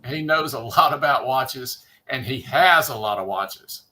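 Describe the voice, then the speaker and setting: A man from Mississippi with a Mississippi Southern accent, a guest chatting casually on a livestream, halting and often restarting his sentences. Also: mid-range voice, animated, sharp tone. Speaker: guest watch collector.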